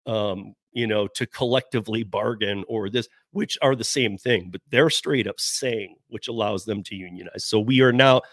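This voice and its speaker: A man's voice: fairly low pitch, moderate pace, few pauses, a bit bright, no room sound, studio quality. A man hosting a podcast as a rideshare driver, chatting casually, reading the news aloud and rambling with frequent self-corrections and asides.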